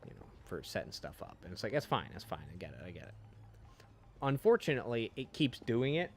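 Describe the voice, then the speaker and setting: A man's voice: medium pitch, big pitch swings, fast, slight background noise. A man streaming a game, chatting casually with lots of fillers and swearing. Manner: rambling, profane, frequent fillers. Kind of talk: casual chat while streaming.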